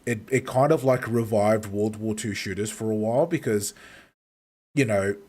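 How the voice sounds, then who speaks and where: A man's voice: on the low side, normal speed, darkish tone. Swearing man telling rambling stories. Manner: rambling storyteller, heavy swearing. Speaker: streamer host. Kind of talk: casual chat.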